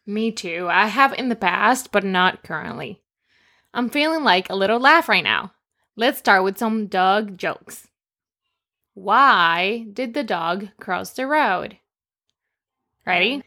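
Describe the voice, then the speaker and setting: A woman co-hosting a children's lesson, teaching simple Spanish words and telling playful jokes in a slow, cheerful voice. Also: medium pitch, animated, sharp tone.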